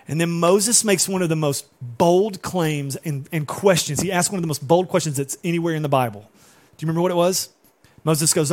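A man preaching a sermon as pastor, animated and often putting questions to his congregation. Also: a little high, normal speed.

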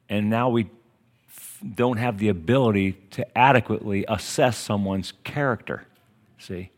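A middle-aged man preaching a conversational sermon as a pastor. He teaches in a folksy, storytelling way, often pausing to ask "see?" to check that his listeners are following. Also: on the low side. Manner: folksy, with frequent tag questions like "see?".

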